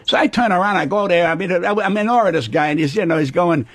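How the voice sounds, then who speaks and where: Casting: older man in his seventies, brash foul-mouthed storyteller, husky voice, high for a man, dry studio sound. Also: fast, a bit bright, no room sound. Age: 70s. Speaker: comedian guest. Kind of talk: radio talk show banter. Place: radio studio.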